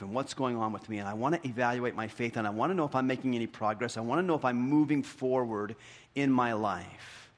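Animated preaching man in a reverberant hall. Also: medium pitch. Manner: animated storytelling, swings from hushed questions to lively retellings. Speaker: pastor. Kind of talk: sermon.

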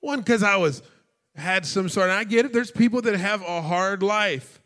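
A man preaching a sermon with emotion, swinging into shouts and acting out voices as he tells stories. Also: sits high, normal speed.

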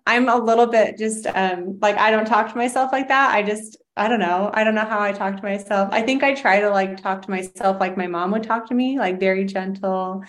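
Woman podcast host, gentle and thoughtful, middle pitch. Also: fairly even intonation, a little fast, few pauses. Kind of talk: casual interview chat.

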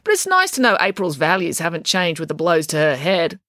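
A woman's voice: on the low side, very animated, brisk, a bit bright, dry recording. A woman voicing a wry, sarcastic teenage boy with a dry, mocking manner.

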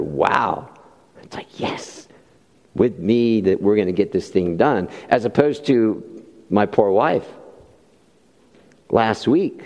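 A man's voice: fairly low pitch, mellow, highs cut off. A middle-aged man preaching a sermon, telling a funny story about himself and laughing at his own mishaps. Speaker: pastor. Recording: long hall reverb.

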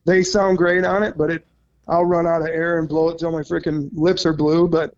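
A man's voice: fairly high pitch, little pitch movement, normal speed, a little mellow. A man from Minnesota, a podcast guest, talking casually and rambling a bit, with some swearing. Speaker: podcast guest, goose-calling competitor. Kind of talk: casual chat. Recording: dull lo-fi sound.

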